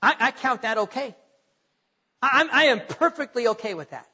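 A pastor preaching a sermon in an unusually high, bright and forceful voice. He speaks earnestly, stumbling over repeated words and putting questions to his congregation. The recording is dull and muffled, with a long reverb trailing from the church hall. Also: lively intonation, normal speed, slightly rough. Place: church sanctuary.

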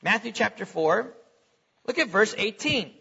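A man's voice: high-pitched, lively intonation, measured pace, vocal fry, sharp tone, breathy edge. A middle-aged man preaching a sermon in a conversational way, repeating words and chuckling between points. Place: church hall. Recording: lo-fi recording in a reverberant hall.

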